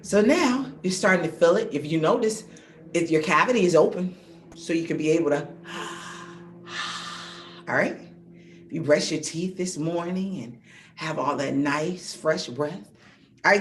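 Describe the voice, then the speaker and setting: A woman's voice: lowish voice, slight background noise. Upbeat middle-aged woman vocal coach. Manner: energetic and encouraging, checking in with "okay?" and "all right?"; brisk, direct instructions. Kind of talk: guided vocal warm-up lesson.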